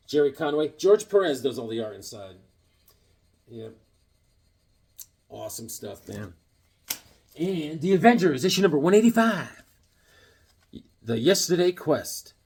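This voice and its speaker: A man showing off his comic book collection in a casual, jokey vlog, with sudden loud exclamations. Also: medium pitch, breathy edge. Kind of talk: casual show-and-tell vlog.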